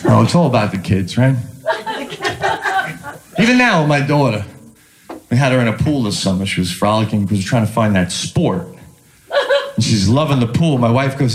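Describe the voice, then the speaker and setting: A middle-aged man doing a stand-up set, animated and exasperated, slipping into quick impressions. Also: medium pitch, noisy background. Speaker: stand-up comedian. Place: club stage with a laughing audience. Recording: live stage recording with crowd laughter.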